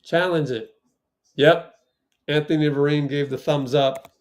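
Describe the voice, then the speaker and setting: A man hosting a fan watch party stream, giving casual play-by-play, reacting loudly to plays and reading the chat aloud. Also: a little high, fairly even intonation, unhurried.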